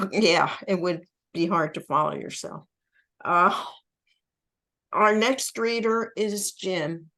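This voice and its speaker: A woman hosting a virtual poetry reading, introducing readers in a relaxed, friendly way. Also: lowish voice, slow pace, long pauses. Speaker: host. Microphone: video call.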